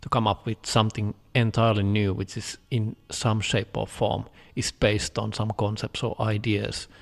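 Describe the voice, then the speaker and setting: A man with a deep, heavily gravelly voice talks in a slow, measured way, pausing on fillers. His delivery stays flat and even. The recording has a long, reverberant tail. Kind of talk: casual chat.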